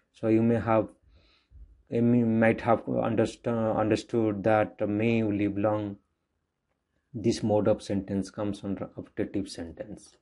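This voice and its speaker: A man with an Indian English accent teaching a grammar lesson to children, explaining slowly and repeating himself. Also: fairly low pitch, dark tone. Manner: slow, repetitive explaining with restarts.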